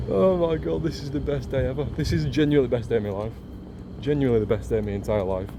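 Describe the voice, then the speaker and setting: An excitable man with a Yorkshire accent talks straight into a handheld camera, gushing and repeating himself in a loose travel vlog. His voice sits at an ordinary middle pitch. Faint outdoor noise runs underneath. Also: quick pace. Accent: Yorkshire English. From Leeds, England. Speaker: travel vlogger.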